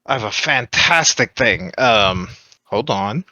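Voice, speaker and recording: Playful male tabletop player with an animated voice. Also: fairly low pitch, slow, dry recording, dull audio. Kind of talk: tabletop role-play.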